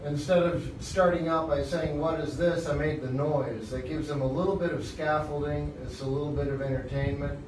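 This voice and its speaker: A man teaching English, explaining how he uses puppets in class in a relaxed, halting way with fillers. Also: fairly high pitch, a little hiss or hum. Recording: echoey room from far off.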